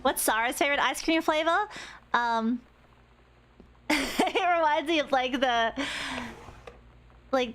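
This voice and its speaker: A woman's voice: sits high, takes it slowly, pauses often, a bit bright. A young woman streaming a game, chatting casually, reading in-game notes aloud and laughing easily.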